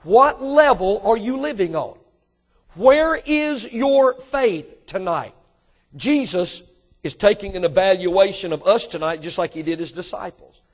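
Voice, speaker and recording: A man preaching a sermon to his congregation, emphatic and direct, asking them questions and rising into animated bursts. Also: high voice, unhurried. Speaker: pastor.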